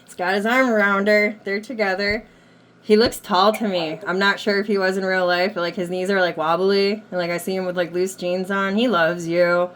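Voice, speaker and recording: A woman's voice: mid-range voice, steady tone, moderate pace, fairly bright tone, a little hiss or hum. A woman working as a medium, passing on messages from the dead during a reading, with a lot of hedging and "like". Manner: relays messages, hedging with many likes. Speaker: psychic medium. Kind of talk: spirit reading session.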